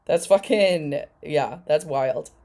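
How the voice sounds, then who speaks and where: Low-voiced sarcastic woman commentator. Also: slow, mellow. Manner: sarcastic, profane, mocking. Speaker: commentary YouTuber. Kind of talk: reaction commentary.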